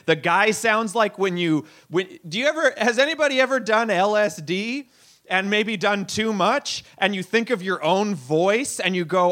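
A man with a high voice hosts a comedy night. He rambles and mocks himself between crude jokes, and his stand-up sounds loose and offhand. He is performing live on a bar stage. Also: fairly bright tone. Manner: rambling, self-deprecating, crude.

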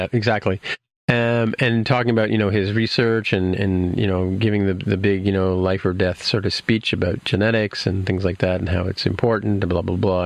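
In casual chat with his podcast co-hosts, a man recaps an episode, rambling with lots of fillers and restarts. His voice is lowish and creaky, with no room sound.

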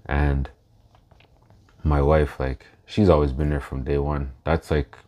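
A man in his thirties hosting a solo podcast in a casual way, slow and reflective, pausing to gather his thoughts. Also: rumbling low, little pitch movement, mellow. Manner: emotional, laughs through his words. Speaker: podcast host.

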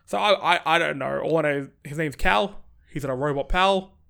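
Gravelly-voiced man chatting. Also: on the high side, a little fast. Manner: chatty, animated, restarts phrases. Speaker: guest podcaster. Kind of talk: casual podcast chat.

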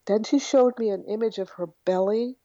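A woman recounting a story as an interview guest, her voice mellow and soft-edged. She tells it in a lively anecdotal way, slipping into the voices of the people she quotes. The audio is dry and a little dull, like a lo-fi interview recording. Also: medium pitch, moderate pace, dry recording. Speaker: guest, author on horse communication.

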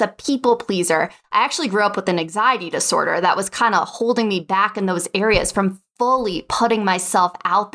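A young adult woman guest on an interview show, telling her story in a chatty, lively way and filling it with "like.". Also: mid-range voice. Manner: chatty, lively, acts out quotes, says "like" a lot. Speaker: podcast guest, online spreadsheet teacher. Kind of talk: animated personal storytelling.

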